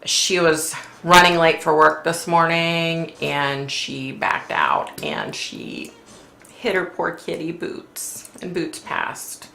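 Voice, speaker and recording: A woman with a low, animated voice speaks slowly, with vocal fry and a sharp edge, in a reverberant space. She's a psychic hosting a casual livestream, chatting with viewers and reading their comments aloud. She says "like" and "you know" constantly.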